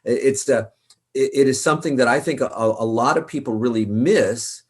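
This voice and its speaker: A man's voice: mid-range voice, moderate pace, husky. A man, a worship leader and author, giving earnest, emphatic advice in an interview, repeating words for stress.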